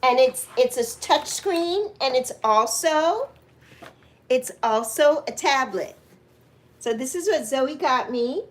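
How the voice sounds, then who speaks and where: Woman in her 60s, New York accent, high voice, chatty livestream host who teases viewers. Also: animated, slow. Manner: chatty, teasing, laughs often. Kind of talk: casual livestream chat to viewers.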